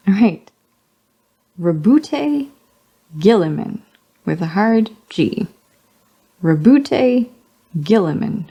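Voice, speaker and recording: A woman's voice: medium pitch, vocal fry, mellow, slightly rough. A woman hobby vlogger reading a magazine aloud with her own commentary. She sounds out each word, corrects herself, and stays amused.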